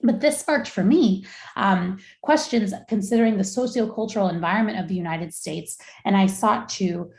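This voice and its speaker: A young adult woman giving a measured, explanatory academic lecture as a researcher. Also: mid-range voice, a little mellow. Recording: echoey room.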